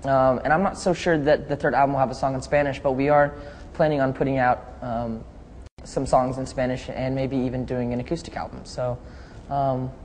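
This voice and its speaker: A relaxed young man of middle pitch answers fan questions in a chatty, easygoing way, often laughing between thoughts. His voice carries a long reverb tail, and faint noise hums underneath. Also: brisk. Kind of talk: casual live video chat.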